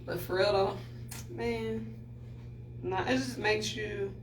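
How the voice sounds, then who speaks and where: A woman's voice: mid-range voice, fairly even intonation, takes it slowly. Earnest woman, distant in an echoey room. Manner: earnest, emphatic, faith-filled. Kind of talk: casual testimony on camera. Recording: echoey room, far from mic, humming noise.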